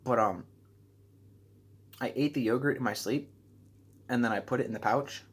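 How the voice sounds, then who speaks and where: A teenage American boy chats to the camera about his trip. His voice sits at an ordinary middle pitch. He rambles through the story, piles on fillers and laughs at his own mistakes. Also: moderate pace, slightly rough. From United States. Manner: rambling, self-deprecating, heavy use of "like"; acts out his own reactions in a higher voice. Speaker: vlogger. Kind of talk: casual storytelling vlog.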